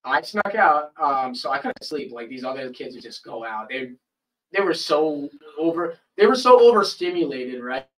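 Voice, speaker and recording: A man in a loose podcast chat, telling a story with plenty of swearing and quick impressions of the people in it. His voice sits at a middling pitch and comes from a little way off the mic, as if he is leaning back. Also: distant mic, poor audio. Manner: animated, profane, acts out quoted people. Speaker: podcast host. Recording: voice a bit off-mic.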